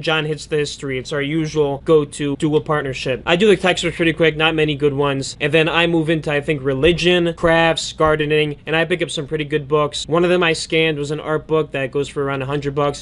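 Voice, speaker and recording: A man vlogging in a casual storytelling style, blunt and animated, swearing casually. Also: fairly high pitch. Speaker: vlogger, book reseller. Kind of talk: casual storytelling vlog narration.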